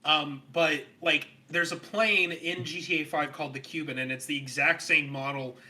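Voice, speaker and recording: A man co-hosts a casual movie review with a very bright, tense tone, pitched a little high. He stumbles through his points with ums and restarts. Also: steady tone, moderate pace. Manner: hesitant, full of ums and restarts. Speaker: podcast co-host.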